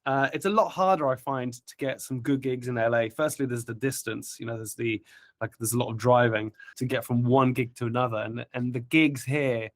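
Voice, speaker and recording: A man's voice: medium pitch, fairly even intonation, a little fast. A man with a British accent, chatting as a podcast guest comedian, self-mocking and laughing often. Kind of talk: casual podcast chat.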